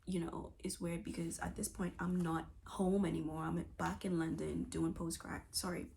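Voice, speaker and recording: A woman's voice: fairly low pitch, level tone, moderate pace, creaky, darkish tone, a little hiss or hum. A woman in her twenties giving a candid, emotional personal testimony, searching for words with many fillers and restarts. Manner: earnest and emotional. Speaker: testimony speaker.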